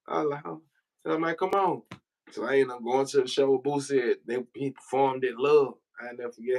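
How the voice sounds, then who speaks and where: On a rough recording, a Memphis, Tennessee man with a medium-pitched voice tells casual, profane stories on a livestream. He's slangy and keeps laughing as he goes.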